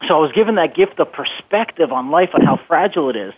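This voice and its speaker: A man's voice: on the high side, lively intonation, fast talker, slightly rough. A man telling his life story as an interview guest, earnest and often repeating words as he thinks. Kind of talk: phone-in radio interview. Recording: tinny phone line.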